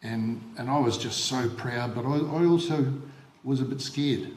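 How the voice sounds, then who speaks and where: An older man with a New Zealand accent delivers a funeral eulogy, mid-pitched, recalling his coaching years. He talks haltingly, repeating words and filling gaps with ums. The sound is echoey, as in a service hall. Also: a little mellow. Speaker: former rugby league coach giving a eulogy.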